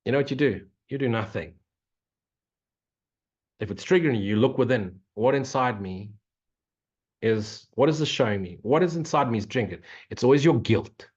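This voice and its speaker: A man's voice: medium pitch, animated, moderate pace, long pauses, husky, highs cut off. A man teaching spiritual ideas in a Q&A talk, blunt and mocking, swearing freely and repeating his points like a preacher. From Africa. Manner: repetitive, preachy. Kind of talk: non-dual Q&A talk.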